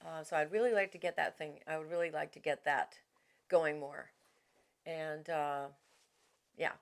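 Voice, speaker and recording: A woman's voice: deep voice, fairly even intonation, normal speed. A middle-aged woman voice actor answering interview questions in a chatty, self-deprecating way, often restarting her sentences.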